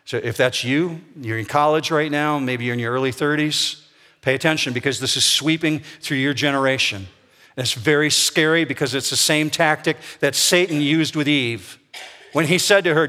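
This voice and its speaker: A man's voice: medium pitch, moderate pace, fairly bright tone. A man preaching a sermon as pastor, blunt and emphatic in a conversational way. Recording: long hall reverb.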